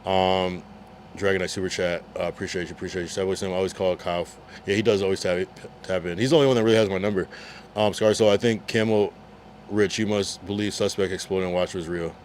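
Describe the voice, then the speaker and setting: A man's voice: deep voice, steady tone, fast, slight background noise. A man streaming live, reading chat messages aloud in a laid-back, slangy way. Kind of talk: casual livestream chat.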